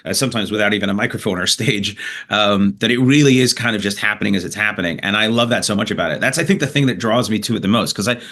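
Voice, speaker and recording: Canadian comedian guy, bright tense voice, swears a lot, tells stories fast and loose. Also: fairly low pitch. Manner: animated anecdote-telling with profanity and laughter. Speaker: comedian guest. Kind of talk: storytelling in a podcast interview.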